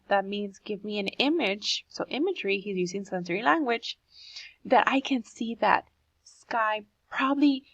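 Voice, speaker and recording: Woman, teacher, explaining a poem to children, expressive, gravelly, dry close sound. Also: medium pitch, no echo, lo-fi sound. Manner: clear, expressive teacher voice, asking the class questions.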